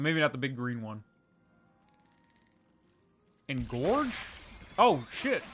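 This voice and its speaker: A man's voice: mid-range voice, bright, forceful tone. A man streaming a video game live, chatting casually, laughing often and answering viewer questions as he plays. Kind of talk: livestream gameplay commentary and chat replies.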